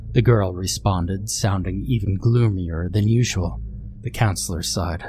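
A man narrating a scary story in a measured, deliberate way. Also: on the low side, a little mellow, a little hiss or hum. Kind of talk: scripted horror narration.

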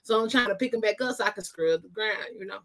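Woman podcast host, casual and low-energy, chatty with easy laughs. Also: fast talker, fairly bright tone. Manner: laid-back, chatty, laughs often. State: tired, low energy after a workout.

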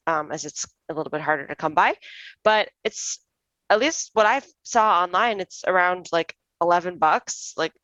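A woman's voice: lowish voice, a bit bright, no echo, muffled recording. A young woman co-hosting a podcast, chatting casually and recommending a wine with lots of fillers. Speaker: podcast co-host.

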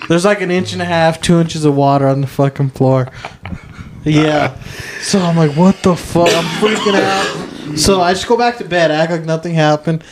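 Male podcast co-host, slightly high voice, rambling profane storyteller, faint hiss behind. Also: normal speed. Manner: rambling, swears constantly, says "dude". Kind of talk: casual storytelling chat.

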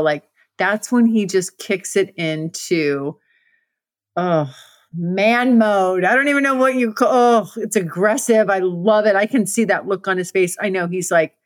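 A woman's voice: medium pitch, no echo. Frank woman podcast host, dry close sound. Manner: frank, breathless storytelling with many restarts. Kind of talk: candid podcast monologue.

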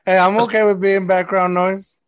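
Sitting high and smooth, his voice holds a level tone at a moderate pace in a dry recording. He hosts a podcast, casually chatting and wandering through stories packed with "like."

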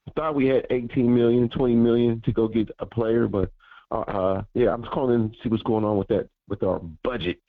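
A man's voice: medium pitch, brisk, no echo. Rambling male caller on a tinny phone line. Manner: relaxed, rambling, lots of shout-outs. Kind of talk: phone-in chat.

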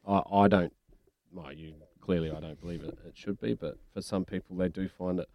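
A man's voice: deep voice, steady tone, fairly quick, no room sound, lo-fi sound. A man hosting breakfast radio from a studio, chatty and laughing often. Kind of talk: casual radio banter.

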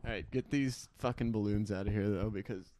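A man's voice: lowish voice, a little fast, mellow. A man co-hosting a podcast in casual chat, joking and laughing often. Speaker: podcast co-host.

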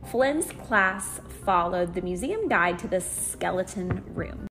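A woman reading a picture book aloud, slow and expressive, voicing each character. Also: medium pitch, music in the background. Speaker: storyteller.

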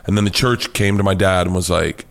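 A middle-aged man telling stories as a comedian guest in a casual interview, swearing freely and acting out quotes with sudden loud outbursts. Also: sits low, brisk, creaky. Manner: animated storyteller, swears freely, acts out quotes loudly.

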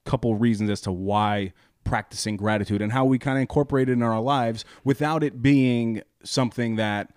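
A young man co-hosting a podcast, talking earnestly in a halting way with many restarts. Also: mid-range voice, a little mellow, dry recording, studio quality. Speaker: podcast co-host. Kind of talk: casual chat.

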